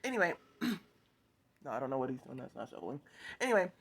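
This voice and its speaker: A woman vlogger telling a long, rambling story in a casual, chatty way, with quick asides and laughter. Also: very deep voice, sing-song, breathy edge.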